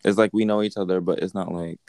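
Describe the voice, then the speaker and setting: A man's voice: low voice, steady tone, fast talker, darkish tone, dry recording. A young man co-hosting a podcast, speaking hesitantly in a casual chat. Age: young adult. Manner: hesitant, with many ums and restarts. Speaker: podcast co-host.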